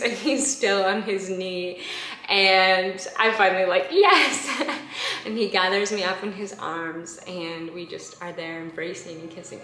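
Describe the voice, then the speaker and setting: A woman's voice: fairly low pitch, bright, forceful tone, reverberant, poor audio. A young woman telling a personal story to camera in a casual vlog, chatty and emotional, laughing often between thoughts. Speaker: vlogger.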